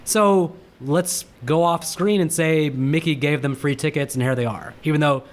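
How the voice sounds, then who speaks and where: A man's voice: on the high side, normal speed. A man co-hosting a casual movie podcast, chatty and rambling as he shares film trivia. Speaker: podcast co-host.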